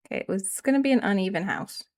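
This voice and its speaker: A woman's voice: mid-range voice, expressive, fast. Canadian woman streamer, regional accent, rambling and self-mocking, mid-range voice. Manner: rambling, self-deprecating, answers chat. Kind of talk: casual live-stream chat while gaming.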